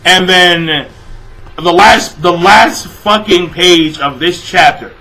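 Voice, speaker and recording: A man's voice: sits high, slow pace, gravelly, sharp tone, rough recording. A young man giving a casual, exasperated review of a manga chapter, swearing constantly and padding his talk with fillers. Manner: profane, exasperated, filler-heavy ranting.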